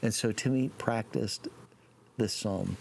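A man preaching a sermon, praying and telling a story in a relaxed, folksy way with fillers. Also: lowish voice, takes it slowly, vocal fry, slight background noise.

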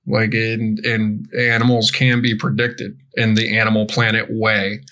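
A man co-hosting a podcast in casual chat, frank and quick to laugh, swearing casually. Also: fairly low pitch, completely flat delivery, sharp tone. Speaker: podcast co-host.

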